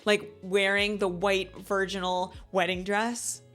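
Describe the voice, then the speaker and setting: A woman's voice: medium pitch, little pitch movement, takes it slowly, a bit bright, faint music behind. A woman in her thirties hosting a casual book club review, chatty and gushing, full of filler words. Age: 30s.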